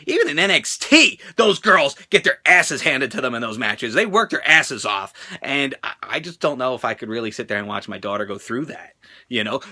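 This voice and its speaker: A high-voiced American man in his thirties hosts a casual fan Q&A about his toy collection. His voice swoops up and down with a lot of energy, sharp and bright. He curses freely and jumps into squeaky voices when he acts out quotes. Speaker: toy collector vlogger answering fan questions. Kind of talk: casual Q&A vlog.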